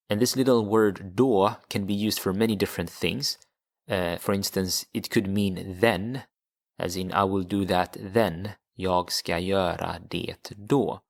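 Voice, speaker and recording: Slow, patient male language teacher. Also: sits low. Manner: patient, repeats words for learners. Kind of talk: slow explanatory video lesson.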